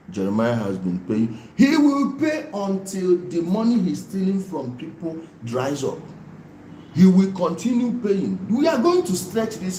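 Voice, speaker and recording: A man with a Nigerian accent hosting a casual livestream, talking in an animated way and repeating himself for emphasis, with bits of pidgin mixed in. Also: fairly high pitch, reverberant, a little hiss or hum, rough recording. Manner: animated, repetitive and pleading, mixing in pidgin. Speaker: YouTube livestream host.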